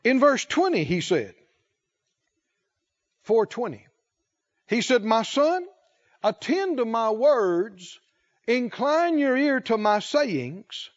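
A male preacher with a very high, lively voice delivers a sermon at a slow, deliberate pace. He leans on key words and asks his listeners questions. The recording sounds dull and lo-fi.

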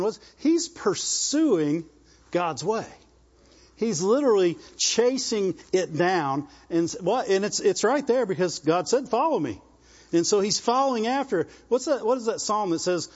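High-voiced rural Southern preacher. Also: male voice, expressive, moderate pace, slightly rough. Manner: exhorting, repetitive, asks the congregation "Amen?". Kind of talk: sermon. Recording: dull lo-fi recording.

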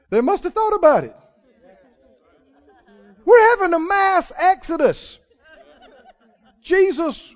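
A man preaching a sermon as a pastor, animated, laughing often and calling out to the congregation. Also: very high voice, highs cut off.

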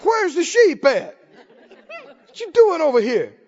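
Preacher doing bossy big brothers shushing a kid, high voice, muffled recording. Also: male voice, wildly swooping pitch, measured pace, darkish tone, a faint crowd, exaggerated voice. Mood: scolding. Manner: scolding, dismissive. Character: scolding older brothers, grown men. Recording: dull lo-fi recording in echoey hall.

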